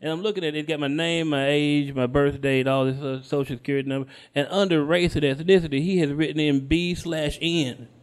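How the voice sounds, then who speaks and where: A man's voice: fairly high pitch, fairly even intonation, fairly quick, few pauses, smooth. A man performing live stand-up comedy, telling a long story with punchlines. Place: comedy stage at a live show.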